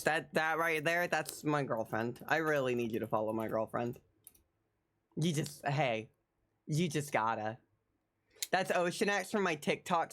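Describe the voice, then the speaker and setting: Woman livestreamer, excitable and rambling, animated pitch swings, slightly low voice. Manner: excitable, rambling, repeats phrases. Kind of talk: casual live-stream chat.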